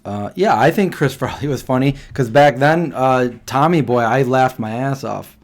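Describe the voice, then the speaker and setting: Male streamer, mid-pitch, casual rambling talk, answers chat as he goes. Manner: rambling, reacting to chat comments with quick questions. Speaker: livestream host answering chat.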